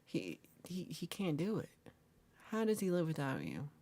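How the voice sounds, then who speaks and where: A woman's voice: low-pitched, huge pitch swings, moderate pace, mellow. Woman, livestream host, casual chat, jokey, teasing, swooping intonation. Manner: playful, reads and answers chat comments aloud. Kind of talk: casual live chat with viewers.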